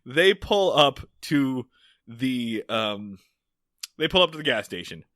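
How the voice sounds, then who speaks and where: A man's voice: mid-range voice, sing-song, takes it slowly, a bit bright, no room sound, studio quality. A man co-hosting a podcast, recapping a sitcom episode in loose, profane, casual comedic chat. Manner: loose and profane, lots of fillers. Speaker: podcast co-host.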